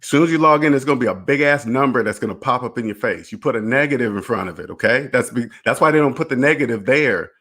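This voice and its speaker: A man's voice: mid-range voice, animated, fast, few pauses, a bit bright. A man lectures his viewers in a casual monologue, hammering his points home with rhetorical questions. His delivery is blunt and emphatic, with casual swearing and short laughs. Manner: blunt and profane, with brief laughs. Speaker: personal finance channel host. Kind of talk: casual direct-to-camera monologue.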